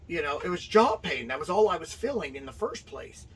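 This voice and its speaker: A man's voice: fairly high pitch, a little fast, slightly rough. Wrestler telling his story animatedly. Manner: animated storyteller acting out dialogue. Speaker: guest, professional wrestler. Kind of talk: storytelling interview. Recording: distant mic with faint noise.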